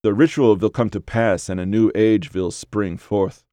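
A man's voice: unhurried, no echo, lightly acted. Man doing a grainy, controlled sinister magician. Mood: fervent. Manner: low, relaxed, in control. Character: low, controlled, grainy-voiced male magician.

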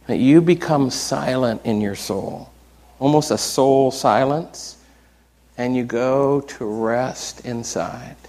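An older man preaching in a conversational, unhurried way, full of asides and small stories. His voice sits at an ordinary middle pitch for a man. He sounds like a pastor talking to his congregation. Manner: conversational, animated storytelling with acted quotes. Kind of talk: sermon.

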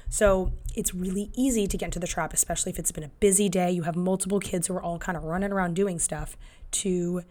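A woman's voice: lowish voice, fairly even intonation, fast, darkish tone. A woman in her thirties talking casually about parenting as a podcast host, full of fillers and restarts. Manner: conversational, many fillers and restarts, acts out quotes. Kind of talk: casual advice monologue.

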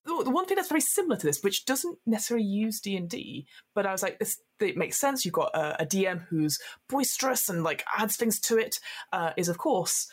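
A woman's voice: mid-range voice, big pitch swings, brisk, husky. A woman co-hosting a podcast, chatting with enthusiasm. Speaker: podcast co-host. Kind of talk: casual chat.

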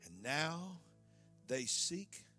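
Preacher doing a sulking, self-pitying prophet. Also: male voice, a little high, very animated, drawn-out words, pushed and bright, faint music behind, pitched below the performer's own voice, exaggerated voice. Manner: complaining, then boastful and self-important. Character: weary self-pitying male prophet hiding in a cave. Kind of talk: sermon illustration.

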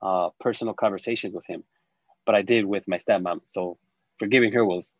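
Middle-aged male interview guest, low voice, dry close sound, reflective and halting delivery. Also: fairly even intonation, dry recording, dull audio. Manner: reflective, halting, with frequent restarts and fillers. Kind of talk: personal storytelling in an interview.

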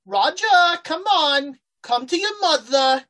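A woman's voice: high-pitched, lively intonation, slow, fairly bright tone, voice pushed up, exaggerated voice. A woman voicing a monstrous ancient mother creature who croons and coaxes as she calls her babies. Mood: coaxing. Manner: crooning, coaxing.

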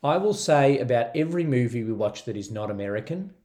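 A man's voice: mid-range voice, sing-song, fast talker, warm tone. A man co-hosting a casual movie review podcast, dropping dry quips and short agreements. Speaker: podcast co-host.

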